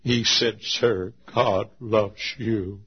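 A man preaching a sermon at a church service, booming into shouts and then dropping to a hush. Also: steady tone, drawn-out words, husky, muffled recording. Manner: swings from loud shouted quotes to hushed low asides.

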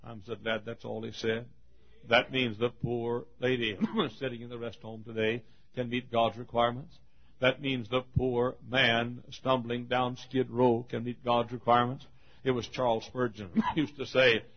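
A male pastor preaching a sermon in a church, with rhythmic repeated refrains that swing from loud calls to hushed asides. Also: mid-range voice, fairly even intonation, normal speed, lo-fi sound. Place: church auditorium.

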